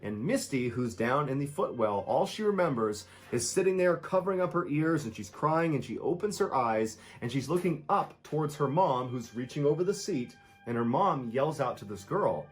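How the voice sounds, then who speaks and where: A man's voice: mid-range voice, expressive, normal speed, hardly any pauses, faint music behind. A man telling true scary stories as scripted narration, with a dramatic delivery that acts out the people in the story.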